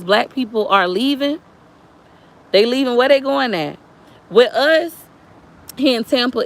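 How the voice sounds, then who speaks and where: A woman's voice: a little high, fairly bright tone. A woman speaking straight to viewers in a casual, preachy livestream chat. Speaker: livestream vlogger.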